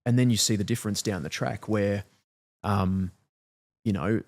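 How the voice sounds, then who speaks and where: Give me a low-voiced, laid-back Australian dad chatting casually and playfully about his kids. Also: steady tone, moderate pace, darkish tone. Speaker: father on a parenting podcast. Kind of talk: casual chat.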